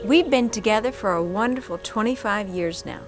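A wife narrating a playful home tribute video. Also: female voice, mid-range voice, moderate pace, soft background music.

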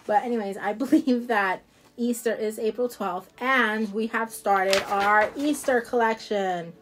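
A woman with a New Jersey accent, an independent nail product seller, shows off nail products in a casual live showcase. Her medium-pitched voice is unhurried with a little hiss or hum, and she rambles and laughs easily as she chats to viewers.

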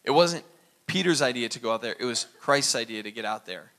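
A man preaching a sermon as pastor, animated and acting out little dialogues. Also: medium pitch, brisk.

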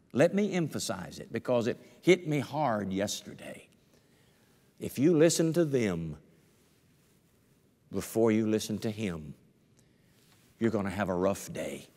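An older man, a pastor, preaching a conversational sermon to his congregation and stretching out key phrases for emphasis. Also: medium pitch. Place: church sanctuary. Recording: long reverb of a church hall.

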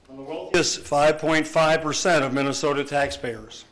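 Man reading a prepared statement, slightly high. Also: fairly even intonation, a bit bright, roomy sound. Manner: measured, deliberate, emphatic on key words. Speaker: governor. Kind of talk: prepared budget statement at a news conference. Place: news conference room.

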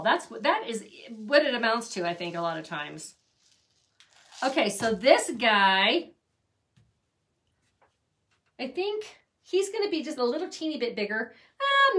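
Woman, high voice, chatty, gushing, craft tutorial host, middle-aged. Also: big pitch swings, normal speed, fairly bright tone.

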